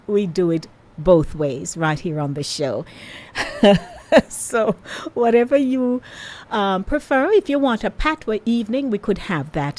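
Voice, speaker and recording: A woman's voice: fairly low pitch, darkish tone. A woman hosting a radio show, chatting playfully and talking straight to her listeners. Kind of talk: casual radio chat.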